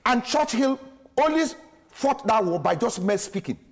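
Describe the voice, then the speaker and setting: A man's voice: very high voice, expressive, normal speed. A man from Nigeria, a panelist in a heated studio debate, talking insistently and stumbling over repeated words. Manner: insistent, interrupts and repeats himself.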